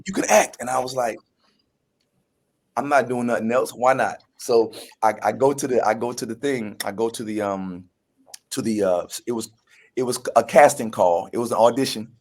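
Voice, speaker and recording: A man's voice: medium pitch, moderate pace. A man, a guest actor telling his story in a casual interview. He acts out the voices he quotes and often restarts his sentences.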